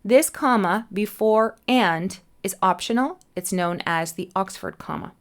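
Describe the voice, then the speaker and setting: Spelling out letters slowly, a woman in a mid-range voice leads an English punctuation lesson, walking through every answer with clear, patient explanations.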